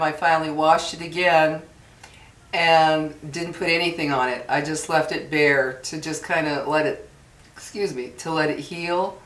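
A woman chatting casually to camera in a product review vlog, folksy and drawn-out on her emphasis. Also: low voice, fairly bright tone. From New Mexico. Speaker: beauty vlogger. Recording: echoey room, far from mic.

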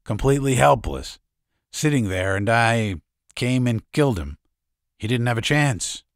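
A man voicing a tired, grim middle-aged father who speaks quietly and wearily. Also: medium pitch, lively intonation, measured pace, no room sound, studio quality. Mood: remorseful. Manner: quiet, weary.

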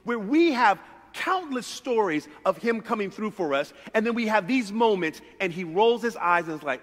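A male pastor preaches in a church sanctuary with a notably high voice, talking to the congregation in a conversational, animated way. He often repeats words as he builds toward a point. His voice carries a long reverberant tail through the hall. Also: moderate pace. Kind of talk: sermon.

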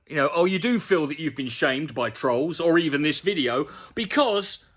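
A man's voice: on the high side, expressive, moderate pace, a bit bright. A man ranting sarcastically and profanely as he reads an article aloud and picks it apart. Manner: sarcastic, profane, exasperated asides. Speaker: comedy YouTuber. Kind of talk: sweary comedic rant reading an article aloud.

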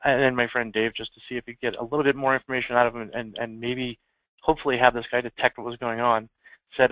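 A man's voice: medium pitch, level tone, fast, no echo. A man giving a conversational security training talk, telling anecdotes in an informal way. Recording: tinny phone-like dry sound.

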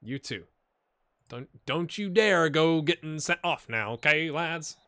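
A man giving casual, animated commentary while playing a football management game, cheering on and talking to his players. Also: a little high, unhurried, dry recording. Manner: animated, talks to his players, puts on silly voices.

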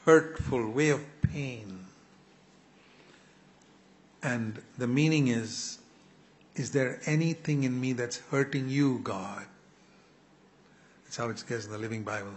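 An older man preaching a sermon in an earnest, pleading way, often clearing his throat. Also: medium pitch, slow, pauses often. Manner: earnest, pleading, with quoted prayers.

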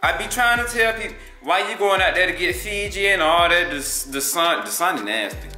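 A man's voice: high voice, lively intonation, fairly quick, bright, forceful tone, roomy sound, soft background music. A young man co-hosting a casual couple's vlog, teasing and joking in slangy talk. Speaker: vlog co-host.

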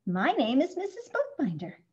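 Woman voicing a calm, soothing butterfly teacher. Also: sits high, pitched above the performer's own voice. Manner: slow, firm and soothing. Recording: muffled lo-fi recording.

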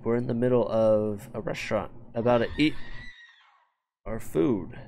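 A man's voice: medium pitch, unhurried, creaky, mellow. A man giving casual, jokey let's-play commentary into a desk microphone, chatting to the characters on screen. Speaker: gaming YouTuber.

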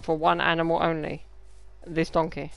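A man gives playful, joking commentary as he plays. His voice has a gravelly edge yet comes through smooth and clear. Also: fairly high pitch, completely flat delivery, normal speed, fairly bright tone, no room sound. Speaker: gaming YouTuber. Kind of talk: live gameplay commentary.

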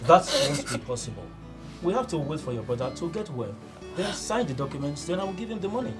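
An actor with a Nigerian accent playing a cold, heartless uncle who flatly refuses his niece's pleas. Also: on the high side, fast, over loud music. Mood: dismissive. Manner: flat, dismissive. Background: film score.

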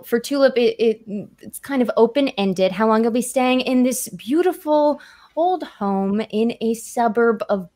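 A woman's voice: on the high side, darkish tone. A woman narrating a tabletop horror game as game master, chatty with many fillers.

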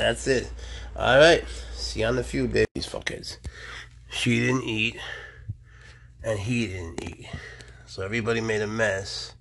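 Gravelly man talking to his pets. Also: slight background noise. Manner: shifts from mumbled asides to high excited baby talk with pets. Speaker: pet vlogger. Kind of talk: casual handheld vlog narration.

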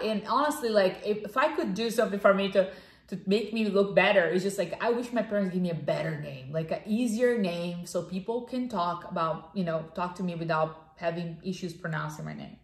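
A chatty woman co-hosting a casual podcast, talking on with plenty of fillers and restarts. Her voice sits a little low for a woman. She is heard in a roomy, echoey space. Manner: chatty, animated, many fillers. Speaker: podcast co-host. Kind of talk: casual chat. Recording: echoey room.

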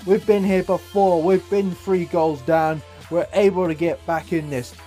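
Casting: young man, high voice, gaming YouTuber calling his own football game, excitable, faint music under him. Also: measured pace. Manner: excitable, swings from gloom to yelling at goals. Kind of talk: live game commentary.

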